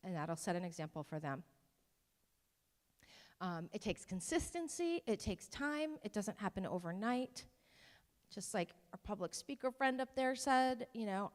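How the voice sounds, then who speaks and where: A woman's voice: medium pitch, lively intonation, a little slow. Chatty woman presenter in a reverberant hall. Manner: conversational, with ums and self-deprecating asides. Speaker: presenter at a parent workshop. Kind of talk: informal talk to parents.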